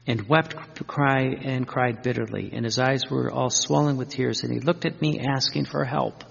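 A man's voice: medium pitch, fairly even intonation, moderate pace, vocal fry, slightly rough. A man preaching an earnest Catholic-style sermon, repeating himself, restarting phrases and building long fervent lists. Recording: dull lo-fi sound with long hall reverb.

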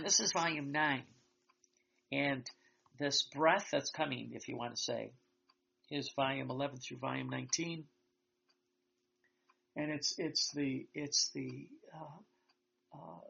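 A man giving an earnest, reflective spiritual talk, slow and halting with many restarts. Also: a little high, creaky, bright, forceful tone, husky. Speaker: religious teacher. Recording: dull lo-fi sound.

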